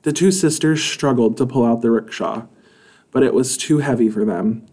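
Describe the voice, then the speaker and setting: A man reading a children's chapter book aloud in an expressive, measured way. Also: medium pitch. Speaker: storybook reader.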